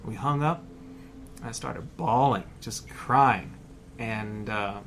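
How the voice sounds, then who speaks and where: A man in his thirties talks on a front porch, spinning his stories with energy and slipping into the voices of the people he describes. A lawn mower hums faintly across the street, and his pitch sits in a middling range. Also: a little hiss or hum. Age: 30s. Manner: animated storyteller who acts out quoted voices. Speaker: podcast guest, hypnotist. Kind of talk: casual conversation.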